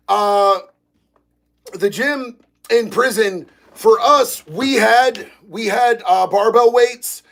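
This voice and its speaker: High-voiced, gravelly excitable man. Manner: excitable, profane, bursts into shouting. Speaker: livestream host reading chat. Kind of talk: casual livestream chat.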